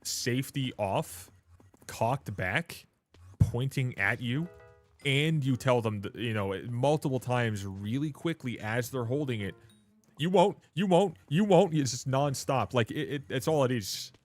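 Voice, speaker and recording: A man's voice: mid-range voice, unhurried, soft background music. A man of twenty-seven, hosting a livestream, chatting casually in a joking, rambling, self-mocking way. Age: 20s. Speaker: livestream host.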